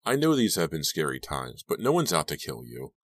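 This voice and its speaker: A man's voice: extremely low pitch, huge pitch swings, fairly quick, dry recording, heavily acted. A man reading a showy, bossy teenage stage director who talks in a pushy, dismissive way.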